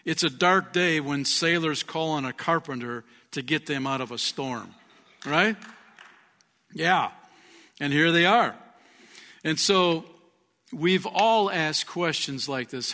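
A man's voice: a little high, takes it slowly, pushed and bright. A man preaching a sermon as pastor, earnest, rising and falling in volume. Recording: long reverb of a large hall.

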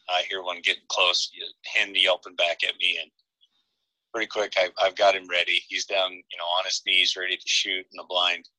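A man with a low, deep voice tells a story as a podcast guest. His tone is very bright and forceful, and the sound is dry and close. He keeps it casual and animated and laughs often. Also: no echo, poor audio.

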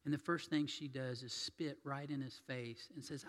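A man preaching a sermon as pastor, telling stories and swinging between loud and hushed delivery. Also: medium pitch, steady tone, normal speed, few pauses. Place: church sanctuary. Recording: long reverb of a church hall.

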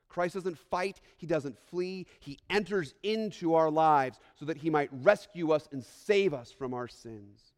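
A man with a rather high voice preaches a Christmas sermon, earnest and emphatic. He stacks repeated phrases for weight and sometimes stumbles and restarts. His voice trails off into the long reverb of a large sanctuary. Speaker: pastor. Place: church sanctuary.

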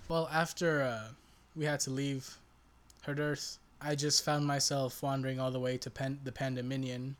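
A man at a tabletop game, talking through his character in an easygoing, matter-of-fact way. His voice sits at an ordinary mid pitch. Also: little pitch movement, normal speed. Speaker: player. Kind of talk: casual in-character play.

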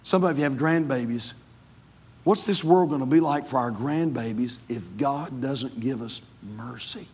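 A man, a pastor preaching a sermon in a church, swinging between loud fervor and hushed tones. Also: medium pitch, a little slow, breathy edge, long reverb tail. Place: church sanctuary.

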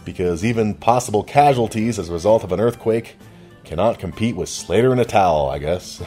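A man's voice: on the low side, brisk, dark tone, faint music behind. A man narrating a TV episode recap casually with chuckling, offhand asides.

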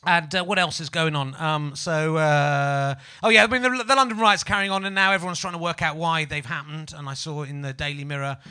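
A man's voice: a little high, fairly even intonation, a little fast, hardly any pauses, sharp tone, smooth. A man with a Yorkshire accent hosting a live comedy podcast, rambling, swearing and teasing the audience. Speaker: stand-up comedian and podcast host.

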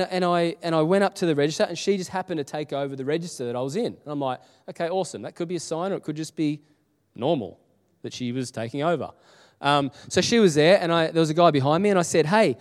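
A man's voice: fairly high pitch, a little mellow. A middle-aged man preaching a sermon in a church auditorium, telling stories in a conversational way with many restarts and acted-out quotes. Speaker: pastor. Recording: reverberant church hall.

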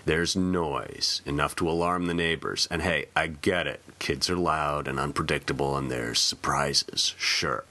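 A man's voice: rumbling low, steady tone, a little slow, hardly any pauses, pushed and bright, exaggerated voice. A man voicing a blunt, easygoing male police officer who talks casually and plainly.

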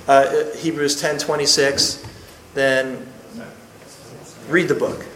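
A man's voice: medium pitch, flat delivery, takes it slowly, a bit bright, reverberant, rough recording. A man preaching a sermon to a congregation, emphatic and punchy, with joking asides.

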